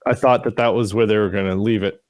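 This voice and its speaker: A man's voice: fairly low pitch, steady tone, fast talker, a little mellow, clear, resonant tone, dry recording. A man co-hosting a casual show recap, retelling scenes with mocking voices and casual swearing. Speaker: podcast co-host.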